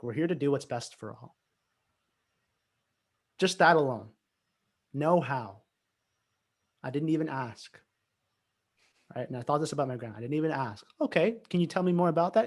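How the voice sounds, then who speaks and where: A young man chatting casually on a podcast, telling a story with frequent laughs and swearing. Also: a little high. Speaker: podcast co-host. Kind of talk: casual chat.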